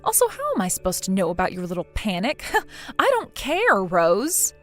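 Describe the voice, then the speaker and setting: A woman voicing a cool, sarcastic young wife in a scripted text-message drama, mocking quietly. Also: mid-range voice, huge pitch swings, moderate pace, soft background music.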